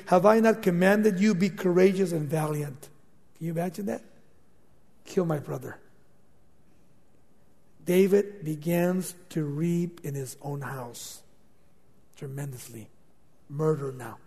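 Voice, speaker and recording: A man preaching through a scripture passage, retelling it in his own words, acting out the quotes and dropping to a hushed, intense voice for emphasis. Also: sits high. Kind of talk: expository sermon, paraphrasing scripture. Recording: long hall reverb.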